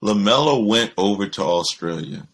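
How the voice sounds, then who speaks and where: Man, young adult, low voice, casual podcast chat, animated storyteller. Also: moderate pace, a little hiss or hum. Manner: animated storyteller, mimics people in quotes, swears freely. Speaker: podcast co-host.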